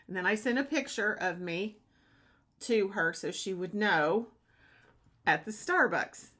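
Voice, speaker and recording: A woman vlogger telling a lively personal story in a casual way, acting out the other people's lines as she goes. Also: mid-range voice, unhurried. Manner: excitable, acts out quoted dialogue. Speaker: beauty consultant vlogger.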